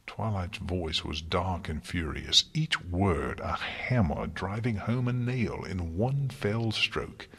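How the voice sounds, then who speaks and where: A man narrating an audiobook in a measured, dramatic storytelling manner. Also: sits low, fairly bright tone, husky.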